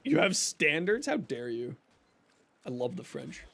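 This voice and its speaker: A man's voice: on the high side, big pitch swings, measured pace, vocal fry, fairly bright tone, a little hiss or hum. A young man streaming a video game, chatting casually with his viewers, reacting to chat and teasing them. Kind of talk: casual live-stream chat while gaming.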